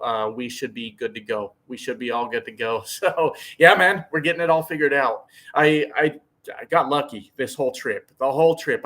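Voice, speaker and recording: A man's voice: medium pitch, a bit bright. A man who drives trucks for a living, talking casually to his live-stream viewers. He rambles in an easygoing way with plenty of fillers and restarts, and answers chat messages by name.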